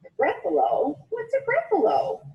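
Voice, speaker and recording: Woman voicing skittish storybook owl, high, swooping pitch, distant. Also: huge pitch swings, moderate pace, lo-fi sound, full character voice. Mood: curious. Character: fussy male owl who is easily scared.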